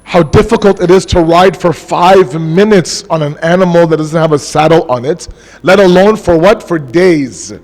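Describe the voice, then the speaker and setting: A man with a fairly high voice preaches a mourning sermon with passion, drawing out key words to press them home. His voice carries a long reverb from a large mosque hall. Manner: impassioned, slows down for emphasis. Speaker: majlis speaker.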